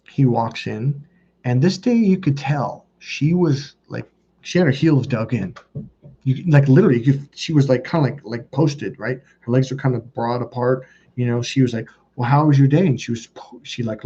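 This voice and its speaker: A middle-aged man coaching on dating, telling a long anecdote in a loose, rambling way and swearing as he goes. His voice is dark and husky, and he pitches it up to act out the people in his story. The recording sounds dull and lo-fi. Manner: profane, rambling, acts out quoted voices. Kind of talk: casual storytelling monologue.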